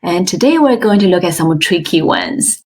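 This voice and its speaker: A woman teaching an online language class, modeling sounds slowly and with exaggerated tones, praising often. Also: lowish voice, expressive, darkish tone, a little hiss or hum. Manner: slow, careful, exaggerated tone demonstrations; encouraging, frequent praise. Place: online webinar.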